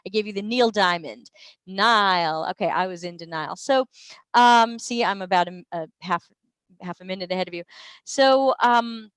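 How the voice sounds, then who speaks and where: A woman's voice: medium pitch, normal speed, clean tone, no room sound. An American woman hosting live office hours, explaining research methods in a conversational, explanatory way with many fillers and restarts. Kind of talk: live-stream Q&A, casual teaching.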